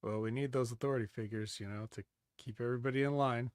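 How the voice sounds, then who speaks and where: A man's voice: medium pitch, fairly even intonation, fast, darkish tone, clear, resonant tone, dry recording. Man making dry wry asides. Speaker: podcast co-host. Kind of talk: casual wrestling chat.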